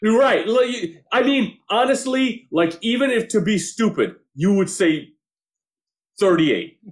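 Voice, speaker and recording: A man chatting casually and recapping a TV show, animated, acting out quotes, swearing freely and laughing often. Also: sits high, measured pace.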